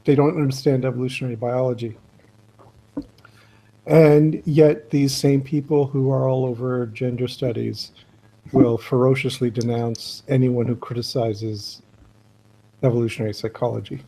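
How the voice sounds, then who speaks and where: A man's voice: medium pitch, fairly even intonation, moderate pace, warm tone. A man, a biologist, talking emphatically and critically in a video call conversation. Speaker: blogger and biologist.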